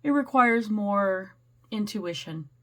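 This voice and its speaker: A woman giving a casual, rambling tarot reading, slightly hoarse, clearing her throat and laughing often. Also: medium pitch, expressive, takes it slowly, a bit bright. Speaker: tarot reader.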